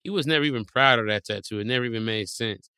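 A man in casual comedic conversation, spinning wild theories in a playful, animated way and slipping into exaggerated quoted voices. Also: mid-range voice, quick pace, smooth, no echo, clean studio sound. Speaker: guest.

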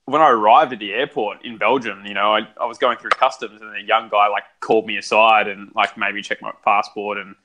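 A man's voice: lowish voice, fairly even intonation, a little fast, hardly any pauses, bright, forceful tone. A young man chatting as a guest, telling stories in a loose, rambling way with lots of fillers. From Australia. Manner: chatty storyteller, many fillers and restarts. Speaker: guest, son. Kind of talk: casual conversation.

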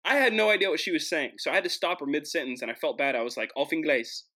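A young man from the United States tells a travel story in a loose, jokey monologue. His voice is bright and forceful, and he often restarts his sentences before pushing on with energy. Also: a little high, very fast. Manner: animated, jokey, frequent restarts. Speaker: host.

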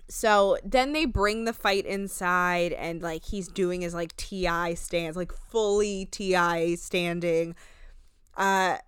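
A woman's voice: on the low side, slow pace, smooth, no room sound, studio quality. A woman co-hosting a casual podcast, animatedly recapping a show with lots of "like" and swearing. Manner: animated storytelling, swearing, heavy use of "like". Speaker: podcast co-host.

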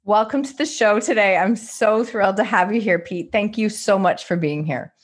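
A woman's voice: medium pitch, normal speed. Effusive woman podcast host. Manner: enthusiastic, effusive. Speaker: podcast host and business coach. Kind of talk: podcast interview.

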